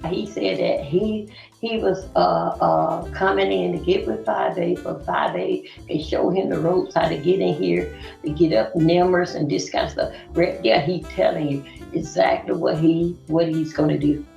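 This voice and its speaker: A woman's voice: fairly low pitch, expressive, normal speed, gravelly, dark tone, roomy sound, lo-fi sound, soft background music. A woman from Florida, rambling through casual commentary on a group call.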